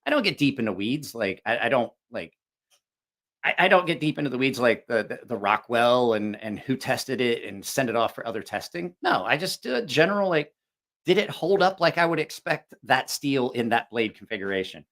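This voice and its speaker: Rambling, lively-voiced man chatting on a stream. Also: mid-range voice, normal speed. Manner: rambling, frank, swears freely, many restarts. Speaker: knife review channel host. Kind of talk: casual live-stream chat.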